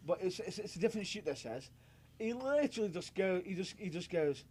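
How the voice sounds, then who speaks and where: A man's voice: high voice, animated, brisk, darkish tone, slightly rough. A man co-hosting a wrestling podcast, laughing often and repeating himself as he talks. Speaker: podcast co-host. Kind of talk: casual wrestling chat.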